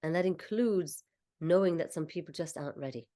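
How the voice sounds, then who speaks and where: A woman coach leading a slow, soothing guided visualization, talking the listener through each step. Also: on the low side, dark tone. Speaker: confidence coach.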